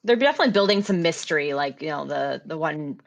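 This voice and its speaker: Very low-voiced woman, easygoing. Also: expressive, quick pace, gravelly. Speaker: guest panelist. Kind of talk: casual chat on a live stream.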